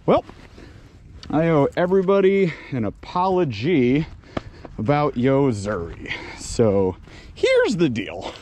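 Male fishing vlogger, excitable, exclamatory, recorded outdoors on camera audio. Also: a little high, takes it slowly, slight background noise. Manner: breathless, exclaims loudly, laughs and talks to viewers. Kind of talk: excited on-the-water fishing vlog. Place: outdoors by a small lake.

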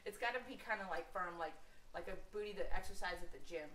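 A woman chatting her way through a live cooking stream, slangy and quick to laugh. She sounds set back from the mic in an echoey kitchen, with frying sizzling behind her. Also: lowish voice, fairly bright tone, distant mic, a little hiss or hum. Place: home kitchen. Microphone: camera held by someone else.

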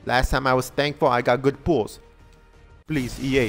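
Excitable man narrating gameplay. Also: mid-range voice, moderate pace, soft background music. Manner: excitable, pleading with the game for good pulls. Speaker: gaming channel host. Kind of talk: casual game commentary.

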